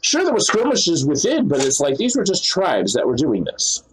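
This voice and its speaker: A man's voice: a little high, huge pitch swings, moderate pace, noisy background. A man talking casually to the camera in a rambling way, with many fillers and restarts. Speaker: vlogger. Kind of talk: casual monologue.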